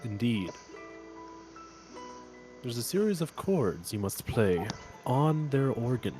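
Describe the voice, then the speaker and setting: Tabletop NPC, a man playing a solemn ex-council advisor, even mid voice, soft music behind. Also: medium pitch. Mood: explaining. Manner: measured, formal, solemn. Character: formal male former council member advising heroes. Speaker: game master. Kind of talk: game master voicing a character.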